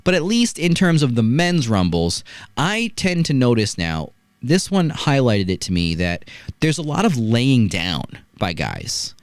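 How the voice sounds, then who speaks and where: A man hosts a wrestling review show and talks with a lively, swinging pitch. His voice sounds dry and close to the mic, with very little room sound. He tells the action as a story and keeps checking in with rhetorical asides. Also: unhurried, no echo. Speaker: wrestling podcast host. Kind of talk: casual review chat.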